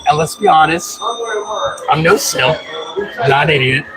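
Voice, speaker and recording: A male guest telling a story in casual chat, animated, jumping up into excited high shouts. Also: unhurried, over a noisy crowd, poor audio.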